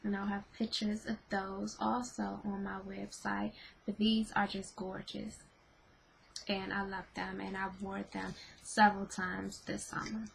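A woman's voice: mid-range voice, level tone, a little slow, creaky, slight background noise, poor audio. A woman casually reviewing her favorite beauty and snack products for her vlog, gushing and repeating her praise. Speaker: beauty vlogger.

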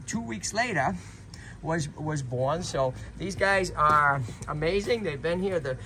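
Speaking a little slowly in a voice on the high side, a man hosts a laid-back outdoor vlog at a tortoise sanctuary. He's energetic and animated, forever checking in with "right?", and there's slight background noise.

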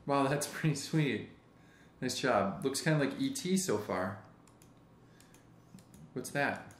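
A man's voice: medium pitch, lively intonation, takes it slowly, echoey room. A man chatting patiently and encouragingly with his young daughter while they draw together at home. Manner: patient, gentle and encouraging, often soft-spoken. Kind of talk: casual chat with a small child. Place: home computer room.

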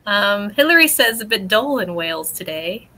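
A woman's voice: medium pitch, sing-song, moderate pace, sharp tone, rough recording. A woman hosting a casual livestream, greeting viewers and reading comments, laughing often. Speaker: host.

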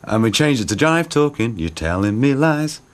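A man telling an anecdote in an interview, animated and ready to do other people's voices. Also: medium pitch, moderate pace. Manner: animated storyteller doing voices.

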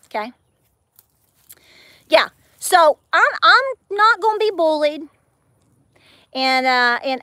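A woman's voice: high-pitched, a bit bright, no echo, studio quality. A woman telling a story to her viewers in a chatty way, acting out quotes with big swings in her voice. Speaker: homestead vlogger.

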